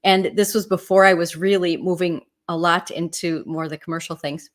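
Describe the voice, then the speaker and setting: A woman's voice: fairly low pitch, fairly even intonation, normal speed. A middle-aged woman from the Midwest US, a real estate agent, teaching in a casual, chatty way and telling stories with frequent "right?" and "you know" asides.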